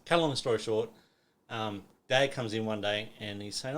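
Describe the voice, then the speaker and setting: A man's voice: fairly low pitch, moderate pace, a bit bright. A middle-aged Australian man telling a story in casual chat, acting out quotes and swearing a lot. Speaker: podcast guest.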